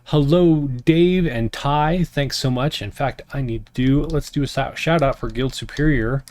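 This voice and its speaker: A man hosting and narrating a solo tabletop game on a stream in a slow, deliberate storytelling voice. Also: medium pitch, darkish tone. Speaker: game master and host.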